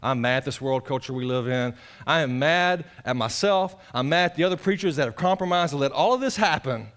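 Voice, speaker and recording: A male pastor preaching an animated, impassioned sermon. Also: on the high side, brisk. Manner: animated, impassioned, acts out voices of others.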